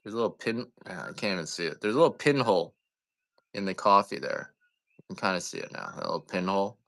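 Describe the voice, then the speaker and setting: A man's voice: sits low, fast talker, fairly bright tone. A man chatting casually while selling coffee on a live stream, rambling, joking and swearing now and then. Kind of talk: casual live-sale chat.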